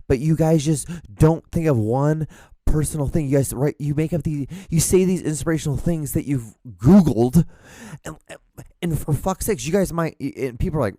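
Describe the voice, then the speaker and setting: A man's voice: fairly high pitch, moderate pace, warm tone, no room sound. Profane ranting man. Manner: swears constantly, mocks people in put-on voices. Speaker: podcast host. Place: small room.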